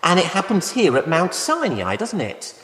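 Male preacher, lively, pitched a bit high, conversational sermon full of rhetorical questions, church hall with a long echo. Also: normal speed. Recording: echoey hall with long reverb.

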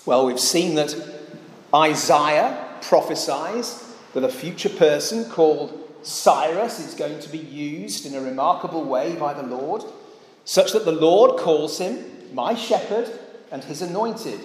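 A man's voice: on the high side, expressive, a little slow. A man preaching a sermon in a church, earnest and often putting rhetorical questions to the congregation. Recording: echoey church hall.

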